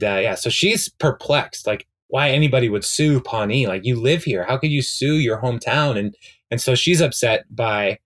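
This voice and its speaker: A man's voice: fairly low pitch, a bit bright. A man co-hosting a podcast, casually recapping a TV episode in a rambling way, with lots of fillers and frequent laughs. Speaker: podcast co-host.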